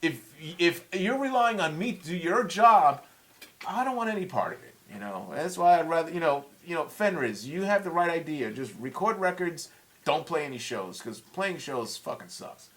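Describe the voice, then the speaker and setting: Guy in his 40s ranting and swearing, kinda high voice, real bright and forceful. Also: lively intonation, normal speed. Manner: profane, heated storytelling. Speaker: guest musician. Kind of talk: casual chat.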